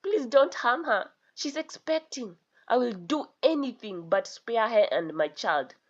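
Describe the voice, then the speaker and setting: A woman's voice: medium pitch, expressive, a little slow. A woman voicing an older male chief who pleads in fear, with a dull lo-fi sound. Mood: desperate.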